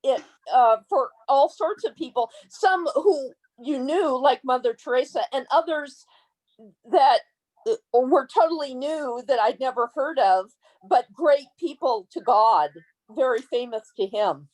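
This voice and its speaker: A woman guest answers questions in a high voice, speaking slowly. She is gentle and hesitant and often pauses with small fillers. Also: low-quality recording. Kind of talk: interview answers.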